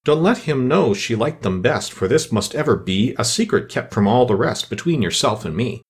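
A man's voice: medium pitch, expressive, moderate pace, husky. Timid rabbit courtier, careful recitation, read by a man. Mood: reciting.

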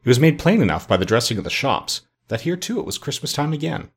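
A man narrating a classic story as an audiobook in a measured, expressive reading. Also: mid-range voice, husky.

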